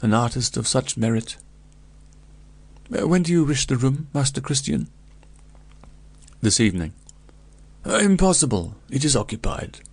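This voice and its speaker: A man's voice: mid-range voice, animated, moderate pace, pauses often, no echo, pitched above the performer's own voice. A man voicing a fawning middle-aged innkeeper who hesitates with small fillers, in a storybook reading. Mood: obliging. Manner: obliging, hesitant with "uh".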